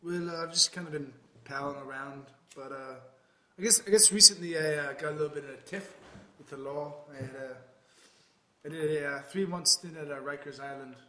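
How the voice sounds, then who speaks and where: A man's voice: on the high side, fairly quick, sharp tone, reverberant, low-quality recording. A man playing a rambling aging ex-rocker and ex-convict, hesitant and full of filler sounds. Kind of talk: improvised comedy interview.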